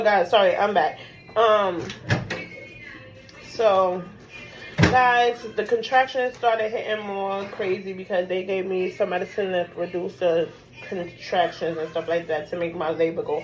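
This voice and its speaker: A woman in her thirties telling a casual storytime vlog over a meal at home, animated and blunt, cursing freely and laughing often. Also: mid-range voice, highs cut off, noisy background. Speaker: vlogger. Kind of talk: casual storytime while eating.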